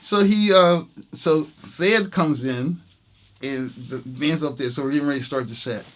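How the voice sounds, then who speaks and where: A jazz trumpet player telling a story in an interview, laughing often and acting out the lines of the people in it. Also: male voice, on the high side, normal speed. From New York City. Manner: laughing, reenacts quotes with voices.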